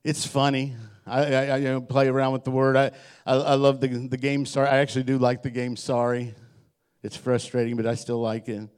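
A middle-aged man preaching in a church, mixing jokes and stories from home with his message. He acts out the voices he quotes and speaks at an ordinary, mid-range pitch. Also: completely flat delivery, a little fast, a little mellow, clean tone. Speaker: pastor. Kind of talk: sermon.

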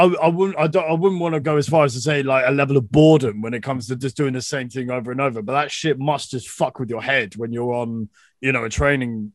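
Young podcast host, laughs easily. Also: male voice, medium pitch, fairly bright tone, no room sound. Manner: laughs easily, swears, rambling questions. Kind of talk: casual interview chat.

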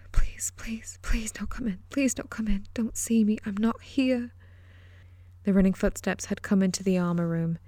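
A woman's voice: medium pitch, a little mellow, dry recording, studio quality. A woman reading a horror novel aloud as an audiobook, dramatic and dropping into whispers at tense moments. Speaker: audiobook narrator. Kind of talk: scripted narration of a horror novel.

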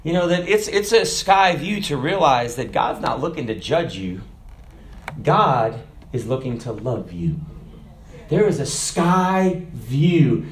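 A man preaching a sermon, telling jokes and stories, with sudden shouted lines. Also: on the high side. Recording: echoey room.

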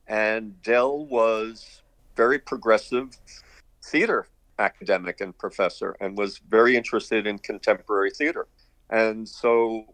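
A man's voice: fairly low pitch, fairly bright tone, no room sound. Older man telling stories with chuckles. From Brooklyn, New York. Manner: rambling, anecdotal, chuckling. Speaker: guest, artist and director. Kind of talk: casual interview storytelling.

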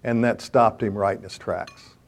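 A man's voice: fairly low pitch, fairly even intonation, moderate pace, vocal fry. Older male speaker for a men's faith talk. Conversational storyteller, emphatic and direct. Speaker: speaker addressing a men's gathering.

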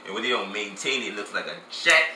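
A man's voice: fairly low pitch, animated, fast, bright, forceful tone, echoey room, a little hiss or hum, rough recording. A man delivering a sassy, campy comic gossip monologue, laughing often and calling everyone honey and girl.

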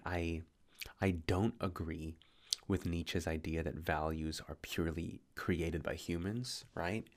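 A man speaks in a very low, gravelly voice, tired and slightly slurring his words. He rambles through a late-night philosophical monologue, musing, pausing and correcting himself as he goes.

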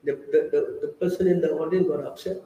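A man's voice: on the high side, steady tone, fast, dark tone, reverberant, dull audio, slight background noise. A man giving a scripture class, emphatic and questioning, often checking that listeners understand. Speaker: preacher.

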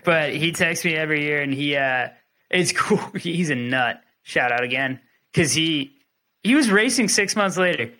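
A young man tells a wild race story on a podcast with a bright, forceful, slightly high voice. He is animated and laughs often, dropping into quick impressions of the people in it. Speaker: podcast host. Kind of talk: casual storytelling.

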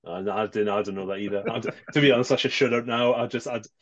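A man co-hosting a casual film chat, halting and self-deprecating as he talks. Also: lowish voice, fairly even intonation. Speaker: podcast co-host. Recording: slightly dull lo-fi sound.

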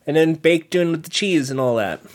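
A man's voice: a little high, expressive. A man co-hosting a podcast in casual, joking chat, often stopping and restarting his sentences. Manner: halting, restarts, jokey trolling. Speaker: podcast co-host.

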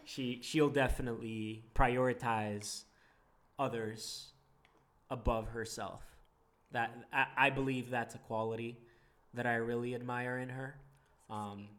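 A young man in a relaxed chat with friends. He speaks earnestly and reflectively, often breaking into light laughter. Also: medium pitch, measured pace. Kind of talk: casual couples chat.

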